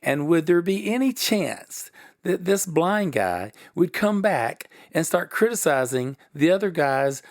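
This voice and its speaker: A middle-aged man with a Southern US accent, a guest telling personal stories in an animated way, with a lot of pitch swings and laughter. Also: measured pace. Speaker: guest, production company head. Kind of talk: storytelling interview.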